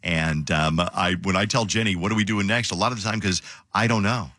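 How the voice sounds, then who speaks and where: Bright-voiced teasing radio host man. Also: low voice, brisk, no room sound, clean studio sound. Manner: jokey, teasing, self-mocking. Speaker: radio morning show host. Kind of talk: casual on-air banter. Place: radio studio. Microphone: studio microphone.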